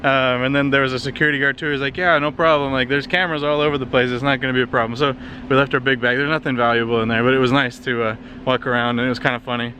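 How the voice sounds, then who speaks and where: A man's voice: medium pitch, rapid-fire, slight background noise. Tired man vlogging on a city street. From Canada. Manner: relaxed, rambling with many fillers. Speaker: travel vlogger. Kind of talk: casual travel vlog narration. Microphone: handheld compact camera.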